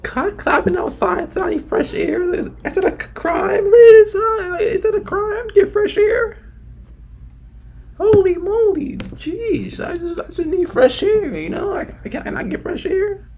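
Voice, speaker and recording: A man from New Jersey, a streamer, talking in a put-on high falsetto that slips deeper now and then, brash and swearing. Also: lively intonation, a little slow, vocal fry, slight background noise. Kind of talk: prank chat with a stranger.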